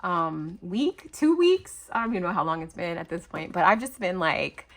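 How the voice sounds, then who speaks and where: A woman in her thirties chatting casually as she opens craft mail at home, gushing and excitable with lots of fillers and gasps. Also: fairly low pitch, normal speed. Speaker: crafting channel host. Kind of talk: casual unboxing chat. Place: home, near garage.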